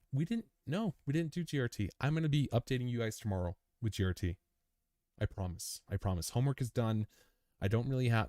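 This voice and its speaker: A man with a fairly low pitch and a dark tone, recorded at studio quality without echo. On his crypto live stream he's tired after a long session, rambling casually through viewer comments, laid-back and chummy, with plenty of dude.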